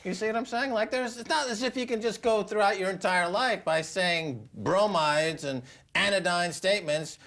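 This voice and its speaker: High-voiced, mocking male host. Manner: animated, mocking, laughs often. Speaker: show host. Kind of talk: sardonic financial commentary.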